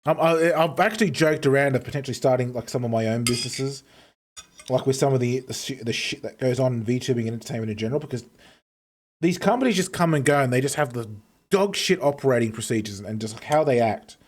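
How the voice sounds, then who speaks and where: A man's voice: medium pitch, fast. A man ranting casually on a live stream, swearing heavily and eating as he talks.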